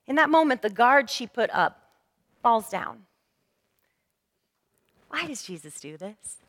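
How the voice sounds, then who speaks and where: A woman pastor preaching a sermon in a lively, conversational storytelling manner. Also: a little high, slow pace. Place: church sanctuary. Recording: long reverb of a church hall.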